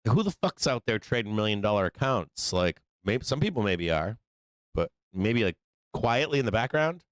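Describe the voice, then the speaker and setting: A man's voice: lowish voice, sing-song, normal speed, no room sound. A man hosting a live trading show, telling a long story in a rambling, profane way full of fillers. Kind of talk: casual live-stream talk.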